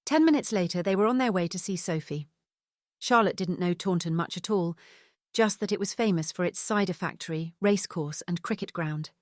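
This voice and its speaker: A woman narrating an audiobook in a steady, even scripted reading. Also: fairly low pitch, fairly quick, no room sound, clean studio sound.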